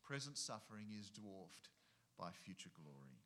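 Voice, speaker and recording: A man's voice: low voice, big pitch swings, normal speed, a bit bright, a little hiss or hum. A middle-aged man, preaching a sermon and driving his points home with rhetorical questions and repetition. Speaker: pastor.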